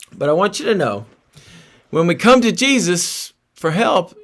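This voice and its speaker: A man preaching a sermon in an earnest storytelling manner, asking his listeners direct questions and dropping low and soft on key phrases.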